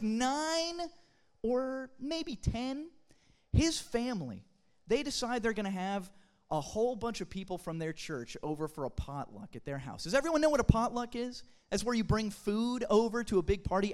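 A young adult telling a funny story to a church group, in a chatty, animated way with casual fillers. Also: medium pitch, normal speed. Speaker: speaker at a church youth gathering. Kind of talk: humorous storytelling talk to a group.

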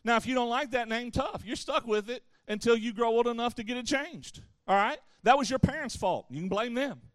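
A man with a notably high voice preaches to a youth audience in an easy, conversational way. He throws playful asides at the listeners between points, and his voice sounds dry and close to the mic. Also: fairly quick, no echo. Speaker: youth pastor. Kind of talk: sermon.

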